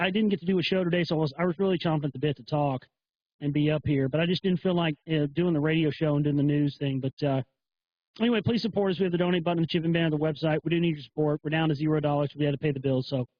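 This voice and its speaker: A man's voice: on the high side, slight background noise. A man hosting a profane livestream, rambling and swearing a lot, over dull lo-fi stream audio. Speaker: host.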